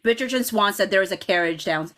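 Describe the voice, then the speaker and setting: A woman hosting a casual fan livestream, talking in an animated way with frequent laughs and restarts. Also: mid-range voice, fast. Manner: animated, laughs often, many restarts and okays. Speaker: livestream host.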